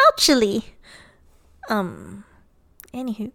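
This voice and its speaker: A woman's voice: mid-range voice, animated, unhurried. A tipsy woman reading fan fiction aloud, giggling and breaking off into mock-dramatic asides. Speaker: reader.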